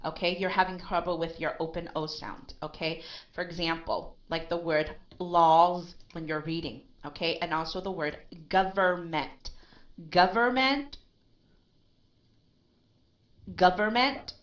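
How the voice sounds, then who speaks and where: A woman's voice: deep voice, flat delivery, moderate pace, lo-fi sound. A woman teaching pronunciation in a live lesson, patiently correcting a learner and often checking in with "okay?" and "right?".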